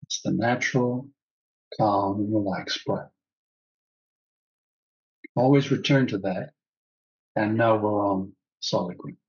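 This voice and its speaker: A man leading a guided breathing class, giving calm, soothing instructions at an unhurried pace. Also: on the low side, husky, lo-fi sound. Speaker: breathwork teacher.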